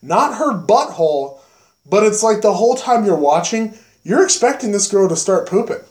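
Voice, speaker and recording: A man's voice: sits high, sing-song, moderate pace, roomy sound. A young man hosting a podcast, telling a story in a casual, profane way and acting out exclamations. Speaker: podcast host. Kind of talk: casual chat.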